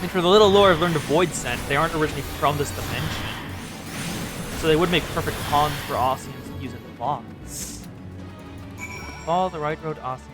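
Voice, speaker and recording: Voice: medium pitch, a little fast, over music. Rambling, chatty game streamer. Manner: chatty, rambling, addresses chat. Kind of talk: casual live-stream commentary.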